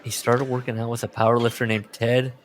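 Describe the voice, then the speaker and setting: A man co-hosts a casual podcast chat, riffing on a book and reading its lines aloud in joking mock voices. His medium-pitched voice is level and fairly quick, with a little hiss or hum in the background.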